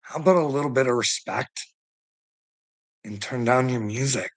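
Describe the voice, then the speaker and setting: A man's voice: mid-range voice, moderate pace. A middle-aged man, ranting agitatedly in a personal vlog, swearing constantly with bitter laughs. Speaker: vlogger.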